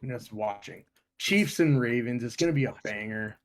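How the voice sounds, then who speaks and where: A man's voice: medium pitch, normal speed. Profane young man telling stories. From Ohio, US. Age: young adult. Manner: profane, animated storytelling. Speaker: podcast co-host. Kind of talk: casual chat.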